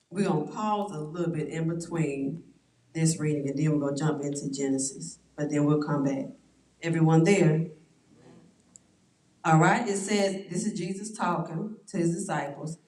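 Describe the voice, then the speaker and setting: A woman leading a church Bible study, reading verses slowly and stressing words, with frequent "all right" checks to the class. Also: low voice, a little mellow. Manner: slow, drawn-out scripture reading with stressed words. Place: church room. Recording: roomy echo, distant mic.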